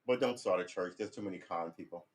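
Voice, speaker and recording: A man's voice: sits low, quick pace, noisy background. Rambling, profane man on a livestream. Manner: rambling, profane, gets loud and heated when ranting. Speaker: guitar practice livestreamer. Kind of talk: rambling casual livestream chat.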